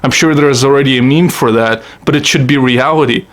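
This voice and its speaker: A man's voice: medium pitch, fairly quick, a bit bright. A man hosting a comedy video, delivering a satirical monologue as a profane, sarcastic, mock-earnest rant.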